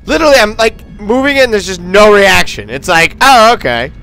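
A man's voice: sits high, expressive, a little fast, creaky, pushed and bright, faint music behind. A man commentating on his gameplay in a casual, frustrated and sarcastic way, swearing often. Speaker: let's play commentator.

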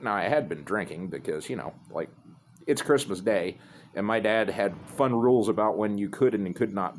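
A man's voice: on the low side, a little hiss or hum. A man telling a rambling, profane story in a laid-back, casual way.

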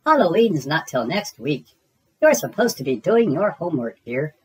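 A storybook reader voicing a patient mother frog who teases gently. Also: medium pitch, big pitch swings, moderate pace, slightly rough, rough recording. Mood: gently scolding.

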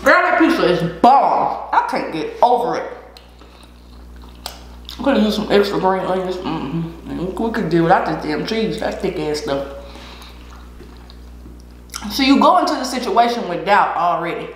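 A woman's voice: lowish voice, animated, measured pace, pauses often, a little hiss or hum. A woman chatting casually while eating on a mukbang vlog, laughing often and giving encouragement. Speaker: vlogger. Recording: echoey room.

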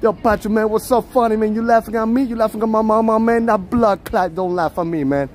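Guy doing a fake tough jamaican dude, kinda high voice, talking trash out on a city street. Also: normal speed, slight background noise, natural voice. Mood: mock angry. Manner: boastful, threatening, playful mock patois.

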